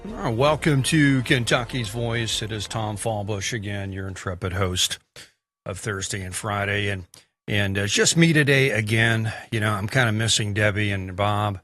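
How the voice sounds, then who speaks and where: A man's voice: lowish voice, moderate pace, a bit bright, soft background music. A man hosting a studio talk show, speaking in a folksy, rambling, conversational way.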